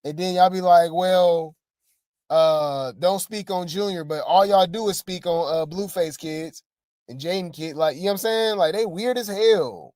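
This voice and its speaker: A man's voice: high-pitched, moderate pace, darkish tone, no echo. Man, gossip commentary host, blunt, mocking, slangy, dry close sound. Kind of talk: casual reaction commentary.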